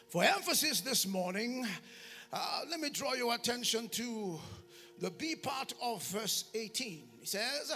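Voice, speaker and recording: A male pastor preaches with fervor, leading his congregation in call and response. His voice sits very high, with a bright, sharp edge and a gravelly rasp. It carries a long reverb from the church hall, with soft music underneath. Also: animated, measured pace. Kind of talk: sermon.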